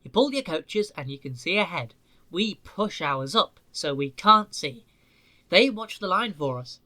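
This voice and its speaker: A man's voice: high voice, sing-song, unhurried, full character voice. Culdee, a man doing a kindly mountain engine. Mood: calm. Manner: gentle, thoughtful storyteller. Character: kindly older male mountain engine, calm and wise.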